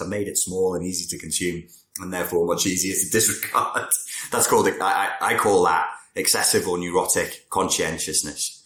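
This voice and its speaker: A man's voice: sits low, steady tone, a little fast, a bit bright, echoey room. A man, a therapist talking casually to camera about personality traits, digressive and wry. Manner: conversational, digressive, wry asides. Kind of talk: talking-head explainer.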